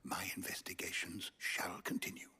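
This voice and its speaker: Husky bright-voiced british scholar in a game, old-fashioned talk. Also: male voice, sits low, completely flat delivery, normal speed, whispered, exaggerated voice. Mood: grave. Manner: formal archaic phrasing. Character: scholarly old-fashioned male researcher, grave and formal. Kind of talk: video game voice acting.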